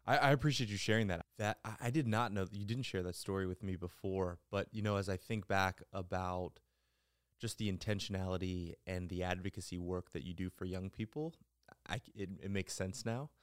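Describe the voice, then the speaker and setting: A male podcast guest speaks in a low, smooth, resonant voice. His tone is thoughtful and appreciative, with a few small restarts. The recording is dry and close. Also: a little fast, no echo. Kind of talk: casual interview conversation.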